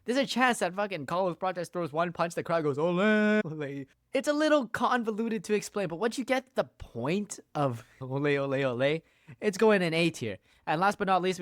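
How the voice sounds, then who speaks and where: A young man talks on his own channel in a loose, slangy ramble, swearing freely as he ranks things. His voice sits a touch high for a man. The sound is dry and close, with no room around it. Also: dry recording. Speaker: YouTuber. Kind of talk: casual ranking commentary.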